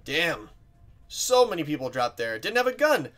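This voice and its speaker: A young man talks through a shooter match on his stream in a loose, rambling way. He swears freely and pads his sentences with "like". His voice sits a little higher than most men's. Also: sing-song, normal speed, a bit bright, soft background music. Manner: swears a lot, rambling with many "like"s. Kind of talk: casual gaming chat.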